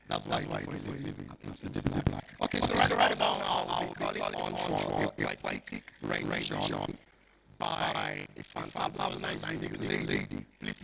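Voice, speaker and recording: A man's voice: very deep voice, vocal fry. A man working as the MC at a launch event, joking and teasing the crowd. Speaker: MC at a product launch. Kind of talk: comic emcee banter. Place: large event hall. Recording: loud noisy event recording.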